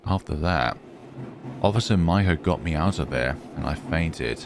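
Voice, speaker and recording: A man's voice: very deep voice, animated, normal speed, gravelly, noisy background. A man narrating a horror game playthrough, musing and reading the on-screen text aloud. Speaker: gamer. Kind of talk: let's play commentary.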